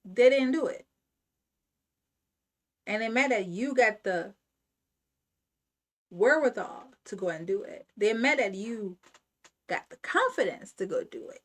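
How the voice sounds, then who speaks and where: A woman's voice: mid-range voice, animated, measured pace, long pauses. A woman hosting a motivational self-help talk, speaking emphatically and repeating her points like a preacher. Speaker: channel host.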